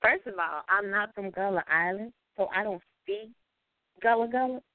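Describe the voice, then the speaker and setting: A woman with a Southern US accent, chatting as a guest on a talk show and telling stories in an animated, drawling way. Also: mid-range voice, normal speed, no room sound. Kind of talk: casual chat. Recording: dry, phone-like sound.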